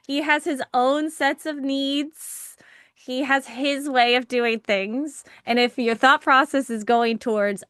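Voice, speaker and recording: A woman's voice: high voice, steady tone, takes it slowly, a bit bright, smooth, dry recording, studio quality. A young adult woman leading a live intention-setting workshop, talking conversationally, answering participants' chat messages and laughing often. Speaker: workshop facilitator.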